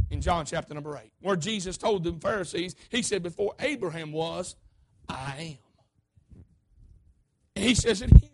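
A man preaching a sermon, emphatic and repetitive, calling out to the congregation and swinging between shouts and hushed asides. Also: very high voice. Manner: emphatic, repetitive, call-and-response.

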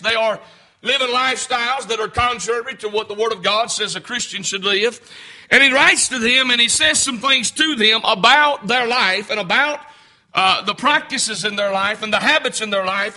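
A man with a Southern US rural accent, preaching a sermon as pastor, fervent and rising to shouts. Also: extremely high pitch. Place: church sanctuary.

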